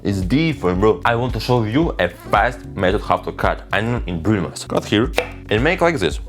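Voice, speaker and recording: Lowish-voiced guy showing off knife skills, bouncy delivery, soft music behind. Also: sing-song, normal speed. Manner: playful, boastful, non-native phrasing. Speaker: cooking vlogger. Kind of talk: casual kitchen demo.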